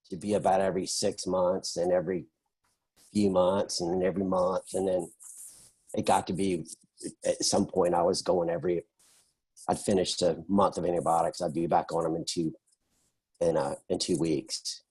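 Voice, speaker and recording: A middle-aged man speaks in a very low, husky voice, stuffy from a cold. He tells his life story as an interview guest in a relaxed, joking way. He often pauses on "um" and "uh". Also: poor audio.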